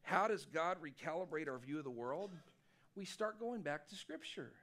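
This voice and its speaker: A man preaching a sermon as pastor, telling a personal story in an animated, self-deprecating way. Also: fairly high pitch, moderate pace. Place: church sanctuary.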